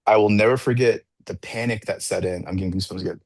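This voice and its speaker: A man's voice: lowish voice, fast, darkish tone, no echo. A man, a track coach and podcast guest, telling a personal story in a rambling, casual way, full of restarts and "like" and acting out the people he quotes.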